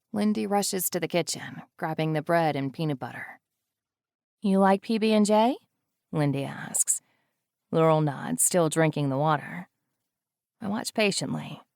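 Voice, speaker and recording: A woman narrating a dark thriller audiobook in first person, in a tense, low-key way. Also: vocal fry, no echo, studio quality.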